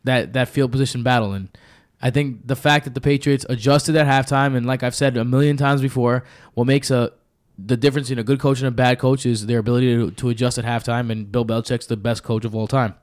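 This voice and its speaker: A man's voice: medium pitch, steady tone, fast, hardly any pauses. A man co-hosting a sports podcast, giving a confident, emphatic breakdown of a football game. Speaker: podcast co-host. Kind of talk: sports analysis monologue.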